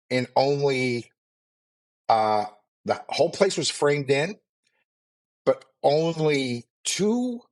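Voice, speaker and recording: A middle-aged man from Maine chats as a podcast co-host, with a faint Maine accent coming through. His pitch sits in an ordinary middle range for a man. He talks in an easygoing, meandering way, full of fillers and side remarks. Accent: mild Maine. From Maine, USA. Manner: rambling, relaxed, with fillers and asides. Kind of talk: casual chat.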